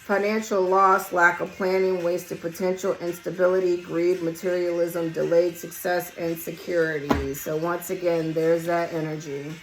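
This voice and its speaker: A hoarse woman, losing her voice, giving a casual collective tarot reading in a blunt, emphatic way and swearing freely. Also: lowish voice, flat delivery, normal speed, few pauses, faint music behind, poor audio. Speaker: tarot reader. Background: song playing quietly.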